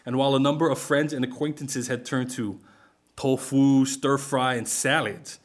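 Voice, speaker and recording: A man's voice: mid-range voice, fairly even intonation, moderate pace. A man telling a humorous first-person story with dry understatement.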